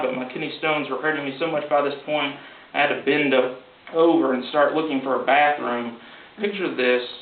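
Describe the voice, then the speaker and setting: A man reading his own story aloud at a live event in a gallery, in a plain, wry, unhurried way. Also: mid-range voice, creaky. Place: art gallery. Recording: echoey gallery from far off, tinny with hiss.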